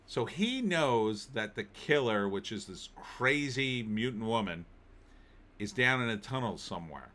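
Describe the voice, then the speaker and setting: A man's voice: on the low side, sharp tone. A man giving a casual spoken film review, recapping the plot with wry disbelief.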